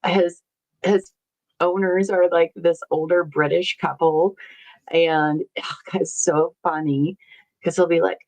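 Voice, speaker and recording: A woman's voice: on the low side, measured pace, low-quality recording. A woman hosting a casual livestream, rambling and chatty as she reads viewer comments aloud, laughing often and swearing casually. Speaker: livestream host.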